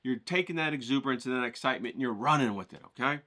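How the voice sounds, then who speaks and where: A man teaching an art class in a motivational, coaching way, often checking in with the listener and rising with excitement. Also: rapid-fire. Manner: animated, rises in pitch when excited.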